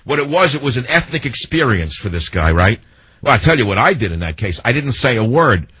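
A man's voice: mid-range voice, big pitch swings, brisk, bright, forceful tone, husky, no echo, low-quality recording. A man hosting a talk radio show, telling sarcastic stories and mimicking the people in them. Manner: sarcastic, storytelling with mimicked quotes. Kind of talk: monologue to listeners.

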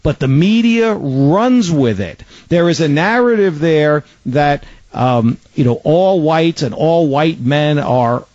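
A man rants through a talk radio monologue. His voice sits a bit high for a man, and his delivery is sarcastic and full of fillers and restarts. The sound is dry and dull, like lo-fi broadcast audio. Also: lively intonation, slow pace, few pauses, a little mellow, no echo.

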